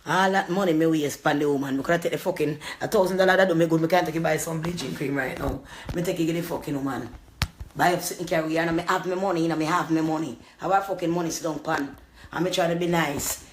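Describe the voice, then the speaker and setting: A woman's voice: low-pitched, slight background noise. A woman with a Jamaican accent telling a story as a heated, profane vlog rant. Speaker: vlogger.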